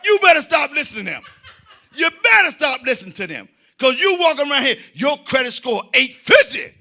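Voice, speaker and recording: A man working a comedy stage with a bright, cutting voice that sits high in the male range. He tells his stories by putting on the voices of everyone in them, jumping up and down in pitch and shouting the punchlines. Between bits he calls out to the audience and asks them questions. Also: brisk. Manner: animated storytelling, acts out quoted voices, shouts punchlines; addresses the audience directly. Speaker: stand-up comedian. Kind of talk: stand-up comedy routine.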